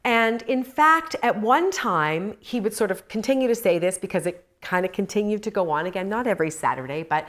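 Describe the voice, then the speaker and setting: A woman teaching a Christian course for women. She talks the material through and tells stories from her own life with animated energy, laughing at herself along the way. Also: medium pitch, a little fast, hardly any pauses. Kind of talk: teaching talk with personal stories.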